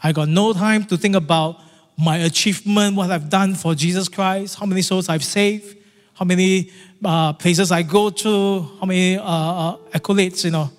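A middle-aged pastor, telling a story in a sermon in an animated, repetitive, dramatic way, recorded in a large church hall. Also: male voice, sits high, unhurried. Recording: long church reverb, faint music.

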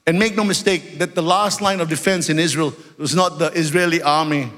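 Preacher, male, high voice, animated storyteller who climbs into shouts, live in a reverberant church hall. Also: fairly quick. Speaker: pastor. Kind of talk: sermon.

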